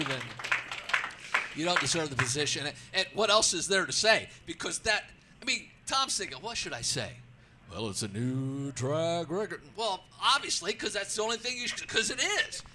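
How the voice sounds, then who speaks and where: A man who works as a racetrack announcer, telling stories in a radio interview in an excitable way, acting out his own calls and restarting his sentences often. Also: on the high side, fairly quick, a little hiss or hum. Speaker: racetrack announcer, show guest. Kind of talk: animated storytelling in a radio interview.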